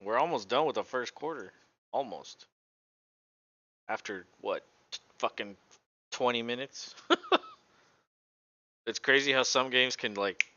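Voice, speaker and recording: Casual male host, bright voice, play-by-play from home, dry dull mic. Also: lowish voice, dry recording. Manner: chatty, laughs often, talks to his dog. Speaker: podcast host doing live play-by-play. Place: home room with his dog.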